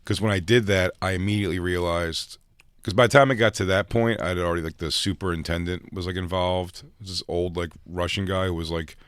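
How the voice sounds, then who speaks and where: A man's voice: deep voice, a little fast, clear, resonant tone, no room sound. A man in casual studio chat, telling a rambling story and acting out the people in it. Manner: rambling, animated storyteller who acts out voices. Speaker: comedian guest.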